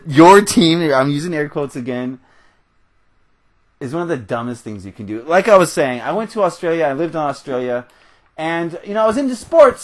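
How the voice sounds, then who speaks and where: A young American man hosting a gaming video, ranting in a heated, rambling way while he plays, often laughing. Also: on the high side. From United States. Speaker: gaming channel host. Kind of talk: ranting commentary over gameplay.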